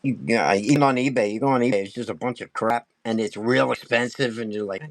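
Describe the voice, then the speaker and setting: A fast, excitable man talks through a wood carving lesson in a relaxed live-stream chat, laughing often as he goes. His voice sits at an ordinary middle pitch, and the sound is close and dry with no room echo.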